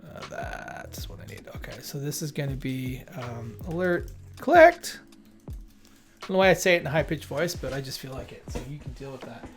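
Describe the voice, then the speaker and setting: A man's voice: medium pitch, a little fast, hardly any pauses, a bit bright, soft background music. Man casually coding on a stream. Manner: casual, mutters to himself, jokey asides. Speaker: live coding stream host. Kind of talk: thinking aloud while coding.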